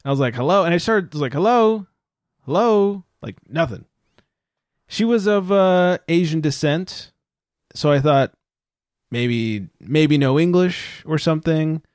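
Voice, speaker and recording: A man telling a story on a casual podcast, profane and animated, with loud outbursts when he quotes himself. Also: a little high, a little slow, clean tone, dry recording, studio quality. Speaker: podcast co-host. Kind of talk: casual chat.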